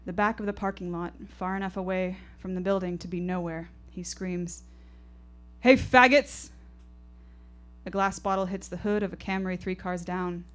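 A woman with a somewhat low voice telling a first-person story on a live stage. Her delivery is intense, poetic and rhythmic, landing each phrase deliberately. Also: flat delivery.

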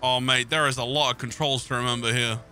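A man's voice: mid-range voice, steady tone, fast talker, pushed and bright. A young man joking and swearing through a co-op game, calling everyone mate. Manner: jokey, swears a lot, calls everyone mate. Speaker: gaming channel host. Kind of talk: casual gaming banter.

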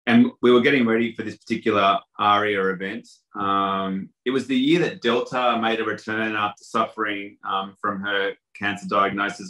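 A man's voice: on the low side, a bit bright, poor audio. A man, a hotel industry guest, chatting casually in an interview and telling anecdotes with many fillers and restarts.

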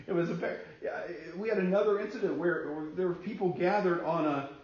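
Man, pastor, conversational sermon, animated storytelling, dull lo-fi recording. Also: high-pitched, fast. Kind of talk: sermon with personal stories. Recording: roomy echo, dull lo-fi sound, faint noise.

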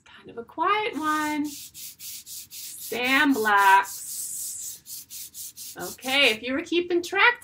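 A woman teaching an online music class for young children, talking in a slow, sing-song way with drawn-out phrases. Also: high voice, big pitch swings, sharp tone.

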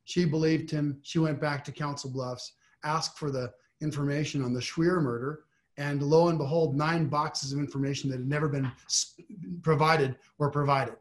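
A man, a trial lawyer, telling a story in a panel discussion, animated, with frequent restarts and rising emphasis. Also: a little high, moderate pace.

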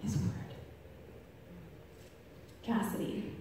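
A woman giving a chatty, laugh-filled faith testimony to a live audience. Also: extremely slow. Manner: chatty, laughs often at her own stories. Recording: echoey hall from far off, faint noise.

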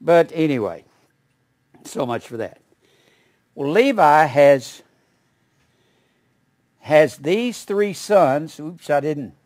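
A man's voice: on the high side, lively intonation, slow, long pauses, darkish tone. An older man teaching a Bible study in a folksy, rambling way, with asides and small chuckles.

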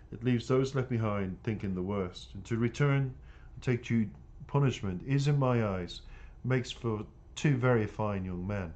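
A man voicing a kindly male police officer who gives calm, fatherly advice in a storybook reading. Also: medium pitch, lightly acted.

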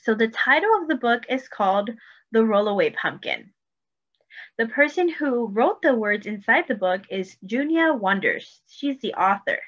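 A woman preschool teacher reading a picture book aloud, speaking slowly and encouragingly to young children. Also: fairly high pitch, expressive, a bit bright, muffled recording. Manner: slow, sing-song, encouraging teacher talk. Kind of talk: storybook read-aloud lesson.

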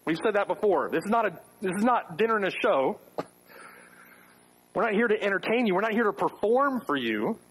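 A man's voice: sits high, very animated, brisk, fairly bright tone, slightly rough, low-quality recording. A man preaching a sermon to his congregation, firing off rhetorical questions with wry asides. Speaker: pastor. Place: church.

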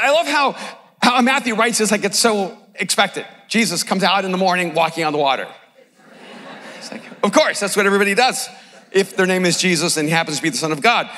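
A middle-aged male pastor preaching a sermon at a conference, telling the story with humor and sudden shouted lines. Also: high voice. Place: large conference hall. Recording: long hall reverb.

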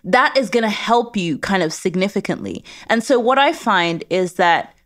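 A woman's voice: mid-range voice, very animated, normal speed, a bit bright. A woman with a British accent, a guest in an interview, speaking in a confident, emphatic, motivational way. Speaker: guest, space lawyer. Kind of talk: interview conversation.

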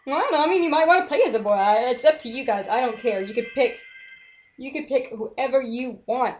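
High-voiced giggly young woman streamer. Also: a little fast, darkish tone, faint music behind. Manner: chatty, giggly, reads on-screen game text aloud. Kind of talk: casual live-stream game commentary. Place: home.

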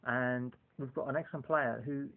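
A man's voice: mid-range voice, fairly even intonation, moderate pace. A man talking casually in a rambling monologue, filling his sentences with "you know" as he talks football. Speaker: football fan vlogger. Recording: tinny phone-like lo-fi audio.

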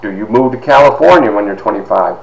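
A man in his fifties from Toledo, Ohio, telling personal stories in an animated, conversational way with frequent asides. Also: on the low side, fast, creaky, crowd noise. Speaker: author and speaker. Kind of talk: personal storytelling talk. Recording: echoey room with faint noise.

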